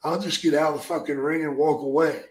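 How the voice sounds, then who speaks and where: An older man telling profane stories in casual chat, with a gruff manner and loud acted-out quotes. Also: fairly high pitch, fairly even intonation, quick pace. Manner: gruff, swears constantly, acts out quotes loudly. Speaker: podcast guest, storyteller. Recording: echoey room.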